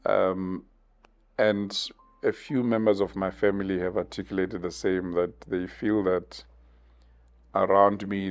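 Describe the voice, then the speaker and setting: Interview guest, man in his fifties, deep gravelly voice, slow and reflective, faint music behind. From South Africa. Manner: measured, thoughtful, with many pauses and fillers.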